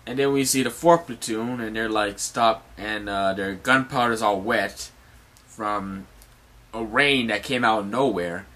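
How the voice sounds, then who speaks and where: A man's voice: lowish voice, unhurried, fairly bright tone. A man casually recapping a comic chapter as host, rambling with many fillers and restarts and some swearing.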